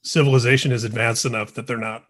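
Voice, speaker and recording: Man from Indianapolis, average pitch, relaxed and self-deprecating interview guest. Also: fast talker. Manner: friendly, easygoing, self-deprecating. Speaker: podcast guest. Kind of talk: casual interview chat.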